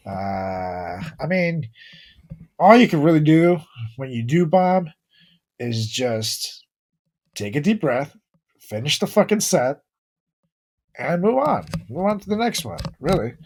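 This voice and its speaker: A man co-hosting a comedy podcast, bantering crudely, laughing often and swearing freely. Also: medium pitch. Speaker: podcast co-host.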